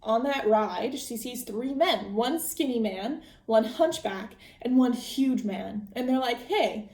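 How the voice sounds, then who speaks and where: A fairly high-voiced woman hosts a podcast and recaps a book in loose, chatty storytelling, tripping over her words and restarting often. Her voice bounces around a roomy, echoing space. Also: takes it slowly, darkish tone. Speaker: podcast host.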